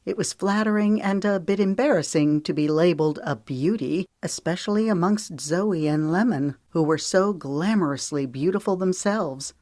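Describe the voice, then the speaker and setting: A woman narrating an audiobook in a calm, measured storytelling manner. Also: on the low side, no echo, studio quality. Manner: calm, measured storytelling with lifted voices for dialogue. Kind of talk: scripted narration.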